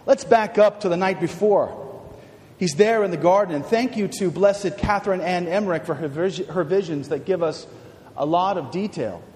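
A male preacher giving a dramatic sermon, swinging from hushed words to shouts. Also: high-pitched, moderate pace. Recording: long hall reverb.

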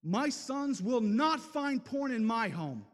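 A man preaching an impassioned sermon, swinging from loud declarations to hushed, slow passages. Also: very high-pitched, big pitch swings, long reverb tail. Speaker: speaker at a men's event.

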